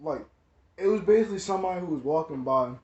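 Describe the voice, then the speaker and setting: A man with a slightly high voice tells a story in loose slang, circling back and repeating himself as he goes. The recording sounds echoey and a bit dull and lo-fi, like a bare room. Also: expressive, fast, a little mellow. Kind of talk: casual storytime vlog.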